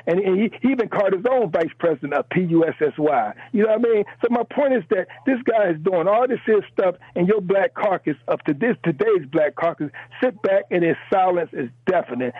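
Male call-in caller, fired up, repeats himself; husky, high-pitched, thin phone sound. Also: no room sound. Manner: emphatic, repeats words, rambling. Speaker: radio show caller. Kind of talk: impassioned call-in commentary. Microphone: telephone. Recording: tinny phone line.

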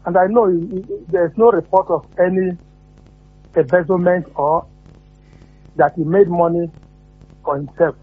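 A caller with a Nigerian accent phones a radio show to give his earnest opinion. He speaks at normal speed in a high, steady voice with a breathy edge and long pauses, and the line sounds tinny.

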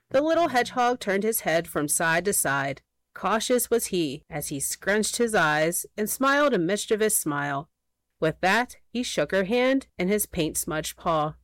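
A woman narrating a children's storybook aloud in an expressive, playful way. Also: medium pitch, dry recording.

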